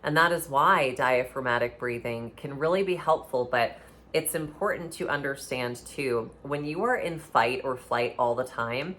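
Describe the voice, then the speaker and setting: A woman's voice: very deep voice, normal speed, fairly bright tone. A woman talking about breathing and the body in a casual, earnest, instructive way, often restarting her phrases. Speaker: podcast speaker on somatic healing. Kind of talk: casual explanatory talk.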